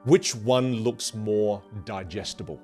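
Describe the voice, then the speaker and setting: A man coaching on clear speaking, with a lively delivery that often slows down for emphasis. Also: on the low side, soft background music. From grew up in a Vietnamese and Chinese culture. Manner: animated, demonstrates rambling and fast talk on purpose. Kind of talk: motivational speaking lesson.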